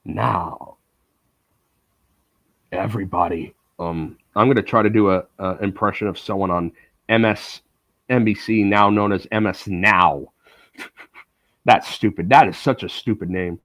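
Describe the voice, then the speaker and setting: Slow-talking, rambling man. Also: fairly low pitch, fairly bright tone, no echo. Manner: rambling, sarcastic, many filler words. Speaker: streamer. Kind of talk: casual live-stream chat.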